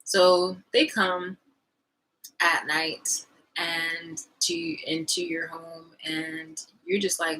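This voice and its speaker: A young woman vlogging in a casual, animated rant, swearing freely and trailing off into fillers. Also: low-pitched, takes it slowly, a little hiss or hum, poor audio. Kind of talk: casual ranting monologue.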